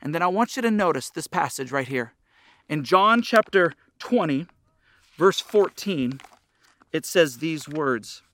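A man's voice: on the high side, lively intonation, measured pace, bright, forceful tone, dry recording. A middle-aged man preaching a sermon as pastor, earnest, his voice rising and dropping for emphasis.

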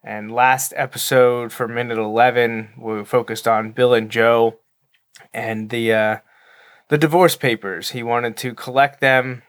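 A man co-hosting a casual podcast. He speaks with careful, deliberate enunciation and a dry, self-deprecating humor. His pitch sits in a middle register. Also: fairly even intonation. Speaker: podcast co-host. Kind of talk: casual chat.

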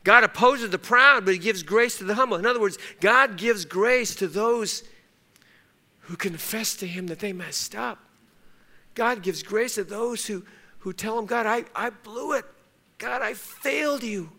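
Bright, forceful high-voiced preacher man. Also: measured pace. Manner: emphatic, repeats key phrases, acts out quotes in story. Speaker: pastor. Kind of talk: sermon.

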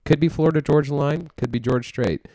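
A man's voice: a little high, a little fast, mellow, no room sound. A man from Texas co-hosting a casual music podcast, rambling and self-mocking with lots of fillers and restarts. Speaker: podcast co-host.

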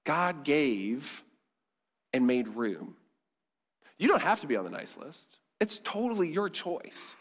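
A male pastor preaching a sermon in a conversational style, dropping softly on key words. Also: a little high, very animated, takes it slowly, pauses often. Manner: conversational preaching, with quiet emphatic endings. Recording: long hall reverb.

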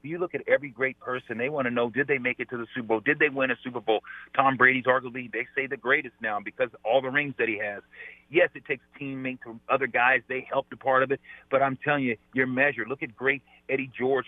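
A man's voice: mid-range voice, no echo. A man, a former pro football player, talking emphatically as a guest on a sports radio show over the phone, repeating his points. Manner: emphatic, repeats "I tell you". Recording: tinny phone line.

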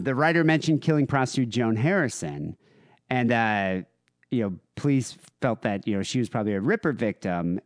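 A man's voice: medium pitch, darkish tone, no echo. Man telling a true-crime story, dry mic. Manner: conversational, many fillers and asides. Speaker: podcast co-host.

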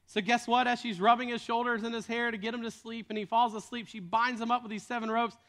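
High-voiced man preaching a story sermon. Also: flat delivery, fast talker, a bit bright. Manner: conversational, joking asides.

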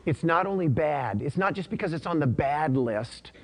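A man's voice: on the high side, expressive, moderate pace, slightly rough. A pastor delivering a conversational sermon, often repeating his points and using casual slang.

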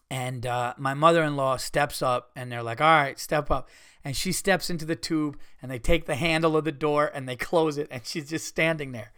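A man hosting a podcast, telling a story in a casual, animated way, swearing freely and acting out what people said. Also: on the high side, no echo, clean studio sound. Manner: animated, profane, retells scenes with quoted voices. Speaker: podcast host.

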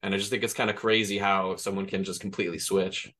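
A man hosting an interview podcast, talking quickly and chatting easily with his guest. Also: sits low, flat delivery, fairly bright tone. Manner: fast-talking, friendly, chatty. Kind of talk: casual interview.

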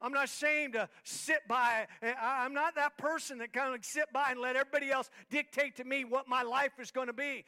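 High, bright-voiced preaching pastor. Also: male voice, fairly even intonation, brisk, hardly any pauses. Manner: swings between soft talk and shouted preaching; repetitive, rhythmic emphatic phrasing. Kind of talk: sermon. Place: church hall, live-streamed service.

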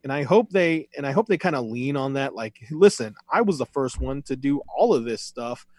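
A man's voice: medium pitch, lively intonation, brisk, a little mellow, no room sound. A man co-hosting a podcast, chatting casually and rambling with lots of fillers and offhand swearing. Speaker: podcast co-host recapping wrestling. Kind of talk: casual chat.

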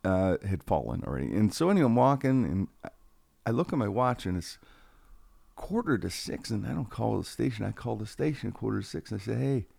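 A man's voice: lowish voice, a little fast, vocal fry, husky, no room sound. A man, a radio personality telling stories on a casual podcast, acting out quoted lines with animation. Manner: animated, acts out quotes in a raised voice.

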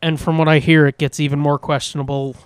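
A man co-hosting a podcast, chatting casually with lots of swearing and quick voice impressions. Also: on the high side, clean tone, no room sound. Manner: animated, swears a lot, mimics voices. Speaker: podcast co-host. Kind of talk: casual profane chat.

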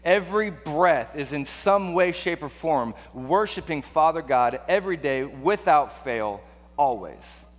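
A man's voice: a little high, lively intonation, a little slow. A man voicing a smug, self-righteous male religious scholar who boasts of his own devotion. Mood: boastful. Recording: long hall reverb.

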